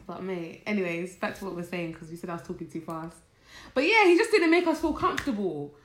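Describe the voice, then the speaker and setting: A young woman talks quickly and animatedly on a casual podcast, full of slang. Her voice sits in a middle register. The room around her sounds echoey. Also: medium pitch. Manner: fast-talking, animated storyteller, London slang. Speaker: podcast co-host. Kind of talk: casual chat.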